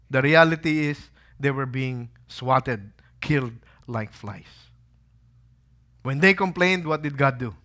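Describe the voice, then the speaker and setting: A pastor preaching a sermon, asking the listeners rhetorical questions and acting out quotes in a lively way. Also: male voice, mid-range voice, slow. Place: holy site visit.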